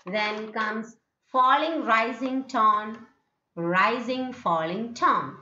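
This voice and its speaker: Slow Indian-English woman lecturing in a roomy room. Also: a little high, pushed and bright, slight background noise. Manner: repeats "okay" and "isn't it", demonstrates intonation. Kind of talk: recorded distance-learning lecture. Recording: dull, roomy classroom recording.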